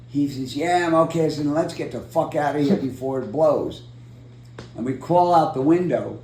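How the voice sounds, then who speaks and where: A man telling a long personal story in an oral history interview, acting out the quotes with lively energy. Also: on the high side, reverberant, rough recording. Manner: animated storyteller, acts out quotes. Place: room in San Diego.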